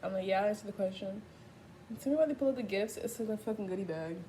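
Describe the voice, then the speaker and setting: A woman's voice: medium pitch, quick pace, slight background noise. An eighteen-year-old woman chatting casually to camera in a vlog, telling stories with a lot of slang and swearing. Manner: profane, animated storytelling with slangy asides. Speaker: vlogger.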